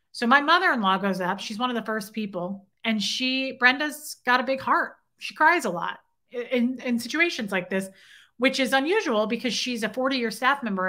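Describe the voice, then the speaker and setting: A woman's voice: a little high, bright, forceful tone. A middle-aged woman hosting a casual livestream, telling a story bluntly and swearing, and stopping to greet viewers in chat. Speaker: livestream host.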